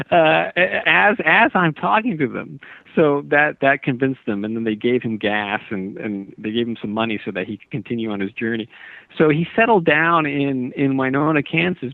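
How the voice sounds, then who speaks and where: A man's voice: fairly high pitch, vocal fry, no room sound. Man telling a long story by phone. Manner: meandering, earnest, with many restarts. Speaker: author guest. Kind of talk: storytelling in a radio interview. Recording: tinny dry phone line.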